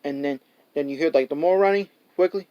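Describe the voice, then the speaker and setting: Male reviewer, high smooth voice, loose rambling recap, acts out scenes. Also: brisk, dull audio. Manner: rambling, full of "like" and restarts; laughs often and acts out scenes. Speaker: movie reviewer. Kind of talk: casual spoken movie review.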